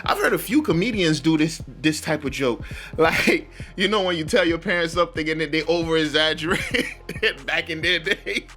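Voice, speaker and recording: A man's voice: on the high side, moderate pace, bright, forceful tone, soft background music. A man hosting a reaction video, talking in a laid-back, slangy way and laughing often. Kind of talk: casual chat.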